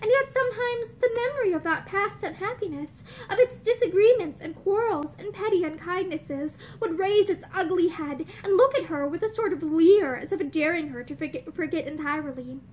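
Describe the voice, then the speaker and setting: A young woman reading a novel aloud with expressive, lively storytelling. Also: very high-pitched, moderate pace, few pauses, slight background noise, rough recording. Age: young adult. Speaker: audiobook reader. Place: indoors, room with bookshelves.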